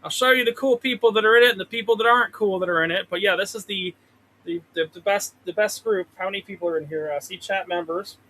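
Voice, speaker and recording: A man with a high, bright, forceful voice talks fast while hosting a casual live trading stream from a trailer, rambling and swearing at the stock chart. He uses a desk mic with a pop filter, and the recording quality is low.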